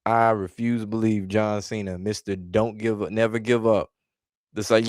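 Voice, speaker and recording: Vlog host, male, low smooth voice, dry close sound, blunt exasperated ranting delivery. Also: steady tone, normal speed, darkish tone, no room sound. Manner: exasperated, blunt, heavy swearing. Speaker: wrestling commentary vlogger. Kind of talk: casual profane rant reacting to chat.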